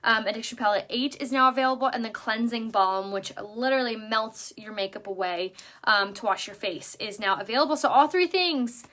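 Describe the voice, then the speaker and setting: A woman's voice: a little high, fairly quick, sharp tone. A middle-aged woman hosting a casual makeup live stream, bubbly and chatty but tired from a late night. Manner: bubbly, chatty, greets viewers. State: tired, yawning.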